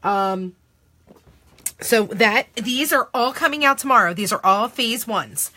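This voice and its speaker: A woman's voice: a little high, unhurried, bright, forceful tone, dry recording. A woman in her thirties hosting a live video on her phone, gushing over craft products and greeting viewers by name. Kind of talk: live product showcase chat.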